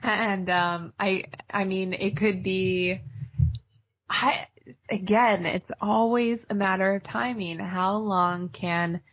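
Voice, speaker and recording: Slow-talking husky woman podcaster. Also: mid-range voice, steady tone, a bit bright. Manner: chatty, opinionated, laughs often. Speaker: podcast co-host. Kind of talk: casual chat reviewing TV shows. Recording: dull lo-fi audio.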